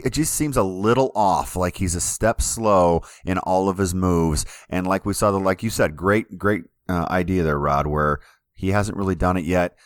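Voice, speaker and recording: A man's voice: low voice, dry recording, studio quality. A man co-hosting a casual podcast about wrestling over a remote call. He talks in an easygoing, hesitant way and often stops to restart his sentences. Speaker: podcast co-host.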